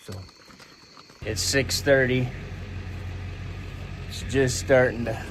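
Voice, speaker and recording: A man talking slowly and emotionally to the camera outdoors in the woods while bowhunting. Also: mid-range voice, steady tone, fairly bright tone, a little hiss or hum. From Arkansas. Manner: slow, emotional, drawling and thankful. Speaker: bowhunter filming his hunt. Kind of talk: outdoor hunting vlog talk to camera.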